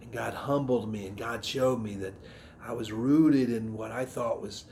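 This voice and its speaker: A middle-aged man from the Southern United States giving a personal testimony in a sermon, earnest and reflective, often pausing and restarting his sentences. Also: mid-range voice, a little mellow, slight background noise. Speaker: missionary speaker giving testimony.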